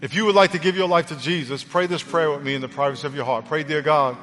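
A male pastor, voice a little high and a bit bright, preaches at a quick pace and leads an altar call with earnest, conversational warmth. Recorded in a church auditorium with long reverb and faint music.

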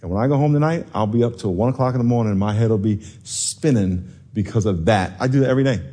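Husky-voiced preacher who swings to yelling. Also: male voice, on the low side, fast. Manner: preachy, swings from soft to yelling, laughs between lines. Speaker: pastor. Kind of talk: sermon.

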